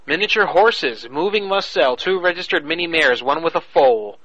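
A man hosting a radio prank-call show, talking in loud, crude, laughing banter. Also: fairly high pitch, lively intonation, normal speed, dry recording, dull audio.

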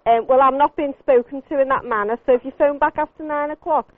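Firm English receptionist on a tinny phone line. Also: female voice, sits high, fast, no echo. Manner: polite but firm, curt. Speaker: hotel receptionist.

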